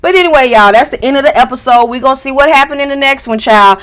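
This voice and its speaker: A woman hosting a casual reality TV recap, telling it in a sassy, animated way and acting out what people said. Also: high voice, quick pace. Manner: sassy, animated storytelling, acts out quotes. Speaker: host.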